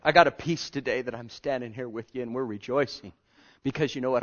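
A man's voice: medium pitch, a little fast. Impassioned preacher man, lo-fi. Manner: impassioned, swinging between loud pleading and hushed near-whispers. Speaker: pastor. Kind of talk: sermon. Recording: lo-fi dull sound.

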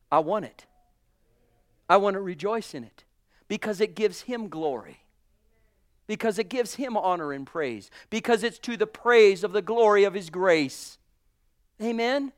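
High pitched preacher guy, fervent, goes hushed then loud, dry close sound. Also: expressive, normal speed, no room sound. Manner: addresses congregation as brothers and sisters. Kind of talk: sermon. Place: church.

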